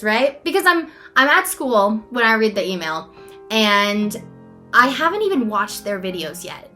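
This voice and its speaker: A woman's voice: a little high, sing-song, normal speed, pushed and bright, soft background music. A young woman in a rambling, self-deprecating casual vlog, filling her talk with "like". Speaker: vlogger. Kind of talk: casual talking-head vlog.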